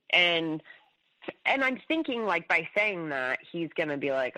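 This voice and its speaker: Bright-voiced woman telling her story candidly. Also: on the low side, big pitch swings, rough recording. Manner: candid, rapid, emotional retelling with frequent "like" fillers and swearing. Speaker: podcast guest. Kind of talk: personal storytelling in a conversation.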